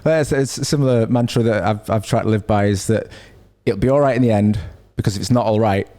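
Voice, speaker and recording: A man's voice: fairly low pitch, quick pace, dark tone. A man hosting a podcast who chats casually and agreeably, often affirming his guest. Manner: agreeable, frequent short affirmations. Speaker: podcast host. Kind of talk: casual conversation.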